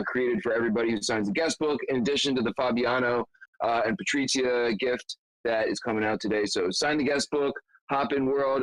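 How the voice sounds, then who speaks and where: A man hosts an online meetup in a loose, joking way, full of fillers and laughs. His voice is mid-pitched and sounds dry and close. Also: a bit bright, no echo, rough recording. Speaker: meetup host. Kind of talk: casual livestream chat.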